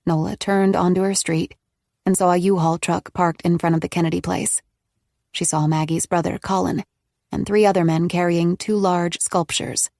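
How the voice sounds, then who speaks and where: A woman narrating a thriller audiobook in a steady, even storytelling manner. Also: lowish voice, gravelly, dry recording, clean studio sound. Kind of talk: scripted narration.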